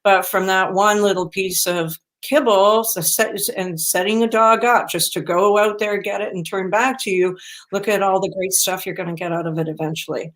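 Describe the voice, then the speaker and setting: A woman's voice: mid-range voice, fairly even intonation, normal speed. A middle-aged woman dog trainer talking casually, with many ums and you-knows, now and then acting out what her dogs might say. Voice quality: chatty, many fillers, acts out dog voices. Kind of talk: casual chat.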